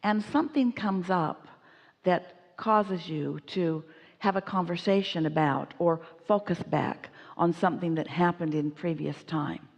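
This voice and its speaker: A woman giving an inspirational seminar talk, speaking as "we" in an emphatic, animated way while answering audience questions. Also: lowish voice, a little slow, in a large hall.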